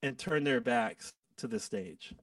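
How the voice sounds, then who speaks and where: A man, a guest musician, telling stories in a casual, animated way and acting out quoted lines. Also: medium pitch, a little slow, no echo, far from the mic. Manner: animated, acts out quotes with laughs. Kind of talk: casual storytelling.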